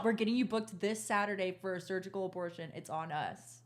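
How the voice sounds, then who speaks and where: A woman's voice: medium pitch, brisk, few pauses. A young woman co-hosting a podcast, telling a personal story in a frank, profane, laughing casual chat. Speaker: podcast co-host.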